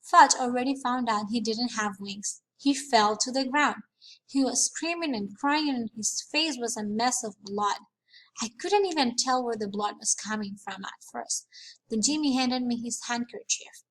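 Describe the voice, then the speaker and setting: Woman, high pitch, lively storytelling, reading a children's novel aloud. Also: unhurried, poor audio. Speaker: reader.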